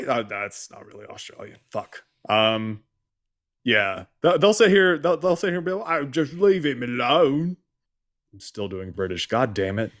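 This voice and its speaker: A man's voice: fairly low pitch, fairly bright tone. A man co-hosting a casual live-stream chat, ranting in a comic, profane way. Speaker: co-host.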